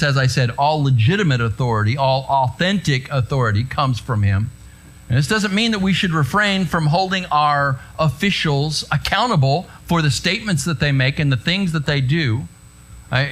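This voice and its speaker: Middle-aged male pastor, slightly high and lively pitch, chatty anecdotal sermon delivery. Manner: conversational, anecdotal preaching with frequent "right?" asides.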